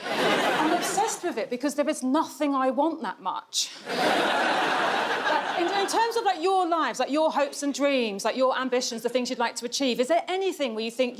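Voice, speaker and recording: A woman doing stand-up with a high voice, chatty and halting, often laughing mid-sentence. Loud noise sits under the recording throughout. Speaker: comedian. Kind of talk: stand-up comedy set. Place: studio with a live audience.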